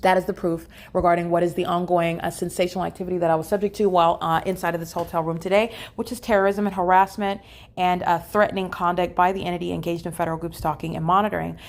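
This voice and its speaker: A woman's voice: lowish voice, level tone, fast. A woman recording a solo vlog monologue in a hotel room, talking emphatically with many "uh" fillers and repeated phrases. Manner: emphatic and repetitive, with frequent fillers. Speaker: vlogger documenting her day. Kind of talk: solo spoken monologue to camera.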